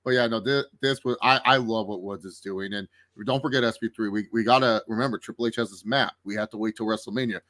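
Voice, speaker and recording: A man chatting casually as a guest on a wrestling review show, rambling and excitable, often repeating words. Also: on the low side, quick pace, few pauses, no room sound, clean studio sound. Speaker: guest commentator. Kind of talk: casual chat.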